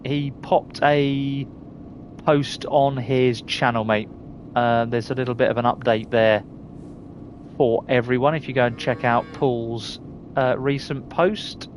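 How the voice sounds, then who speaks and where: Slow and steady in tone, a medium-pitched middle-aged man with a Surrey English accent chats to viewers during a game live-stream. He reads out their names and laughs frequently, over a faint hiss or hum.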